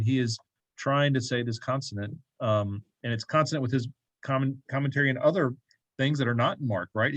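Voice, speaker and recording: A man's voice: medium pitch, no room sound, low-quality recording. A man leading a church Bible class, chatting loosely with asides, laughs and "right?" checks after reading a passage. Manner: reads scripture aloud slowly, then talks loosely with many asides. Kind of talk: casual Bible study teaching.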